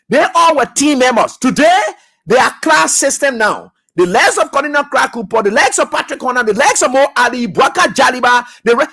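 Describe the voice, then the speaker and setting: A man hosting a radio talk show, giving animated, scolding political commentary. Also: very high-pitched, husky.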